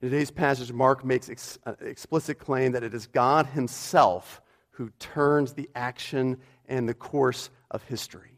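A man's voice: medium pitch, steady tone, measured pace. A pastor preaching a sermon in a church, emphatic and repeating his key phrases for weight.

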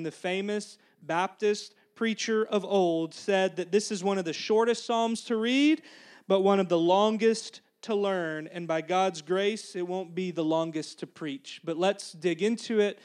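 A male pastor preaching a sermon in a conversational way, often calling out "Amen?" to the congregation and making joking asides. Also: sits high. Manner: conversational, calls for "Amen?" responses.

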